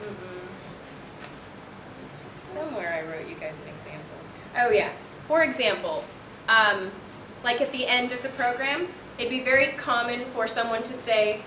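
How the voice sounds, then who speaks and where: A woman English teacher gives feedback to her class in an encouraging way, slipping in ums and small laughs. Her voice sits a little high. The room is echoey, with a faint background hum. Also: moderate pace, sharp tone.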